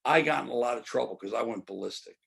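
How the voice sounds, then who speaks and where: Gravelly older man telling a story. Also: mid-range voice, fast. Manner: animated storytelling, acts out quoted dialogue. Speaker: interview guest. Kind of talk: storytelling interview.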